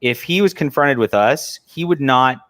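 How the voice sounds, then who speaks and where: A man's voice: mid-range voice, expressive, moderate pace, fairly bright tone, no room sound. A man hosting a casual podcast, joking and bantering with his co-host as they react to clips. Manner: jokey, laughs a lot, banters. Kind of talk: casual chat.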